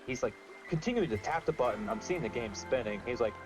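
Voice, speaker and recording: Guy on a gaming stream, mid pitch, blunt and chatty, music going behind him. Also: lively intonation, quick pace. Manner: candid storyteller, acts out quoted people. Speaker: co-host. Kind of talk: casual chat while gaming.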